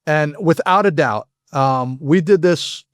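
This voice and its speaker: With a clear, resonant voice on the high side, a man who once worked for the FBI recounts frank anecdotes in a podcast interview. His delivery is halting with many restarts, recorded dry at studio quality.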